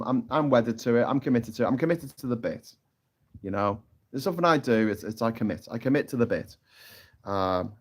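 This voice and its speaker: A middle-aged British man hosting a casual live stream, reading chat comments and making mocking jokes. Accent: British English. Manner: chatty, mocking, jumps into high squeaky voices for caricatures.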